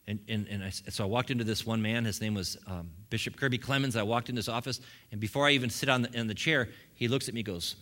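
A middle-aged man preaching a sermon, telling his story in an animated way with humorous asides. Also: medium pitch, fast, hardly any pauses. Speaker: pastor. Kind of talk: sermon testimony.

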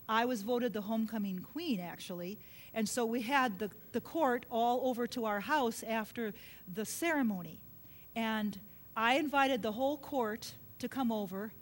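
A middle-aged woman preaching a sermon, telling a personal story earnestly and dropping to a soft hush at emotional points. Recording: long hall reverb with faint low rumble.

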